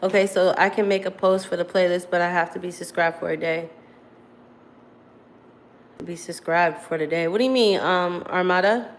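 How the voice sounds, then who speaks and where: A woman's voice: on the low side, slight background noise. A woman in her thirties from Virginia, tired after crying, talking candidly and in slang straight to her livestream chat. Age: 30s. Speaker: livestreamer reading viewer comments. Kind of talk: casual live stream chat.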